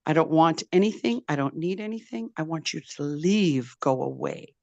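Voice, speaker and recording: A woman's voice: low voice, lively intonation, normal speed, gravelly, darkish tone, no echo, dull audio. A woman voicing a furious male blackberry bush spirit in a spoken tale, screaming at those who come near. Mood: hostile shouting. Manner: screams and snaps, hostile.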